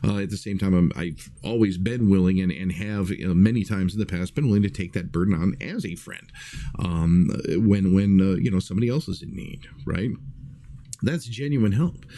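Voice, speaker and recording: A man's voice: deep voice, normal speed, mellow. A man talking casually to his livestream viewers, earnest and rambling, with many fillers and restarts. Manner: earnest, reflective.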